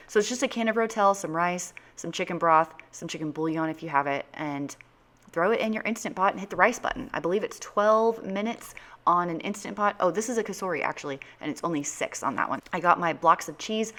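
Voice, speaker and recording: A woman's voice: lowish voice, a bit bright. A mom hosting a casual cooking vlog from her home kitchen, chatty and jokey as she walks through family dinners.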